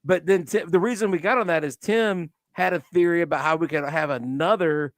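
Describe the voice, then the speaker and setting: A man co-hosting a casual reaction chat, eager and talking in quick bursts with restarts. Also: on the high side, no echo, clean studio sound. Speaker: podcast co-host.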